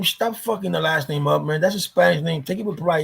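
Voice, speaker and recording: A man rambling through a casual vlog, swearing often and doubling back on his words. His voice sits a little high for a man, with a gravelly fry and a raspy, husky edge. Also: a little fast, hardly any pauses. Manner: rambling, profane, repeats himself. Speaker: YouTuber.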